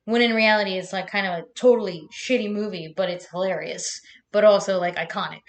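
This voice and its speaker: A woman's voice: medium pitch, fairly even intonation, brisk. A young woman chatting casually on a live stream, laughing often and swearing freely.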